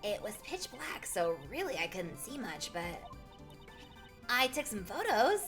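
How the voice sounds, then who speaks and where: A woman's voice: mid-range voice, big pitch swings, a little slow, music in the background. A woman voicing a perky, cheeky young woman sidekick from a game, teasing and upbeat.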